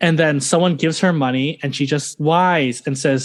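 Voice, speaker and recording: A man in his thirties telling stories as a podcast guest, animated, switching between English and Thai. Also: fairly high pitch, fast, hardly any pauses. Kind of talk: casual interview chat.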